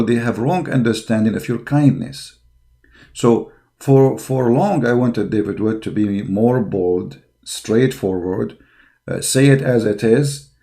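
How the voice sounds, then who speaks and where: In his online commentary, this religious commentator argues in non-native English, preaching combatively with many fillers and turning heated and mocking. His voice is lowish and dark, with vocal fry.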